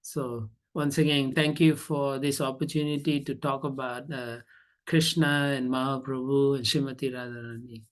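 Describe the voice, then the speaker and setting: A man giving a devotional storytelling class over an online call, animated with frequent fillers. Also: mid-range voice, normal speed. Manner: animated, hesitant with many fillers. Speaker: guest speaker.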